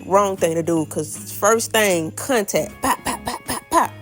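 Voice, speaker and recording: A young woman from Florida, chatting casually to her viewers in a storytime vlog, animated and talking straight to the audience. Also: medium pitch, a little slow, soft background music. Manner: animated, addresses viewers as y'all, acts out quotes. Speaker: vlogger.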